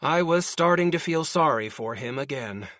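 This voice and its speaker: Man, audiobook narrator, slightly high voice, dry close-mic sound. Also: animated, normal speed, a bit bright, no room sound. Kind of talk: first-person light novel reading.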